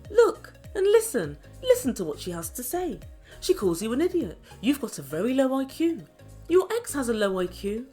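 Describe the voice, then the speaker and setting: A woman's voice: a little high, big pitch swings, moderate pace, warm tone, soft background music. A woman giving an opinionated, sarcastic recap of a reality show, talking straight to her viewers. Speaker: reality TV reviewer. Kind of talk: chatty commentary recap.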